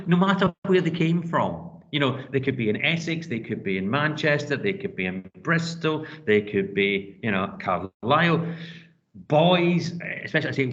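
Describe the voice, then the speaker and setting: A man with a lilt leading a classroom discussion, asking questions in an animated way with many restarts. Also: medium pitch. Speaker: teacher. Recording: dull lo-fi sound.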